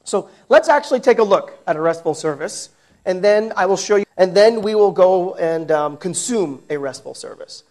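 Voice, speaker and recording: A man's voice: high-pitched, expressive, moderate pace, darkish tone. A man from New York with an American accent, giving a technical conference talk and joking with the audience. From New York, United States. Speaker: conference speaker. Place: large conference hall.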